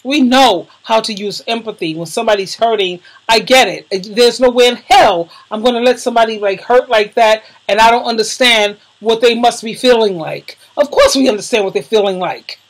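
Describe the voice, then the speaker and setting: Fairly high-pitched and speaking at a moderate pace with few pauses, this woman YouTuber chats casually to her audience while recommending videos. She's effusive and emotional, punches words with slang, and calls viewers darling, all on a rough recording.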